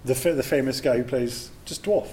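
A man's voice: mid-range voice, fairly quick, darkish tone. A man with a Yorkshire accent co-hosting a crude comedy podcast, telling chatty stories and fun facts. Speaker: podcast co-host.

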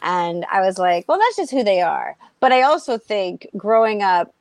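A woman's voice: medium pitch, moderate pace, dry recording. A young woman comedian with a Boston-area accent, chatting in an interview and telling sarcastic stories, acting out the voices of the people in them. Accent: Boston-area American. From Massachusetts, USA. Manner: animated storyteller, acts out voices, sarcastic. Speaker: comedian guest. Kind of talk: casual interview chat.

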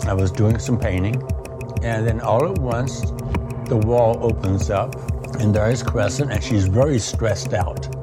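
A man's voice: on the low side, measured pace. An older man telling his own experiences in an earnest, matter-of-fact way, in an interview clip. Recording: played clip with loud music behind.

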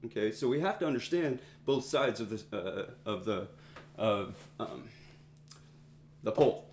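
A man leading a Bible study, teaching a group in a conversational way and pausing to find his words. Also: fairly low pitch, animated, darkish tone, roomy sound, a little hiss or hum. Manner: conversational, thinks aloud, pauses to find words. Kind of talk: informal teaching talk to a group.

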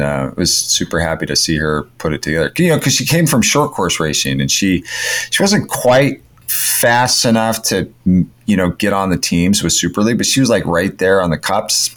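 A man's voice: sits low, expressive, normal speed, fairly bright tone. A man co-hosting a podcast in casual chat, upbeat and rambling, with lots of fillers and restarts. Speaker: podcast co-host.

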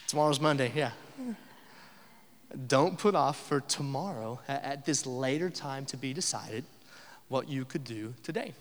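A man's voice: mid-range voice, measured pace, big-room sound. A young adult man preaching a sermon as pastor, conversational, with filler uh's and rhetorical questions.

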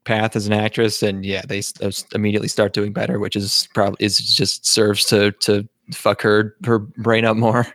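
A man's voice: on the low side, flat delivery, moderate pace, hardly any pauses, a bit bright, no echo, studio quality. A man co-hosting a podcast in casual chat, loose and rambling, laughing often. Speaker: podcast co-host.

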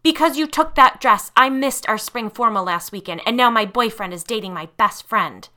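A woman's voice: a little high, moderate pace, sharp tone, pitched above the performer's own voice. A woman voicing a cold, vengeful teenage girl in a told ghost story, speaking in an icy, menacing tone.

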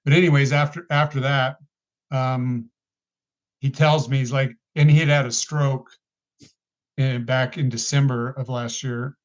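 A man sharing a personal testimony as a podcast guest, talking casually and earnestly with halting restarts. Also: medium pitch, fairly even intonation. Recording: dull lo-fi podcast audio.

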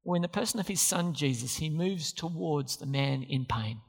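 A man's voice: fairly high pitch, lively intonation, moderate pace, vocal fry, breathy edge, in a large hall. A man preaching a sermon as pastor, emphatic and repeating key phrases. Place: church.

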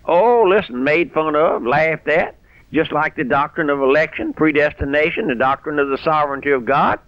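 A man's voice: a little high, normal speed, no room sound. Fiery older man preaching on the radio. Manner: fiery, rising to shouts on key phrases. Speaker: pastor. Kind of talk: radio sermon. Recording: dry, dull radio broadcast sound.

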